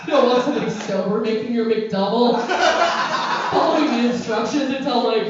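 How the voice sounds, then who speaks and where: A woman doing a stand-up comedy set in a club, brash and profane, with dark self-deprecating humor. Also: on the high side, brisk, background noise. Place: comedy club with a live audience. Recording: roomy, distant, dull club recording with crowd.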